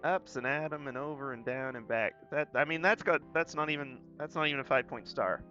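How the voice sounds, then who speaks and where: A man's voice: mid-range voice, fairly quick, bright, forceful tone. A young man with a light Southern US accent, chatting in a rambling, self-deprecating way while he draws on stream. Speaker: art streamer. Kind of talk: casual chat while drawing. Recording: slightly dull sound, faint guitar music.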